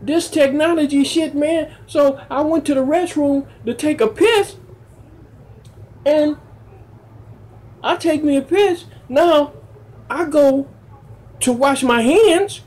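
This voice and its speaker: A man doing stand-up, telling rough profane stories in an animated way and jumping into loud high exclamations. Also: slow, pauses often. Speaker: stand-up comedian. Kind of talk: stand-up storytelling.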